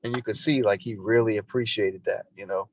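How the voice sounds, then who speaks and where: The recording is muffled, carrying a man's low-leaning voice in a steady tone at a brisk pace. As a podcast guest, he earnestly recounts a personal story in conversation, repeatedly restarting and repeating his phrases.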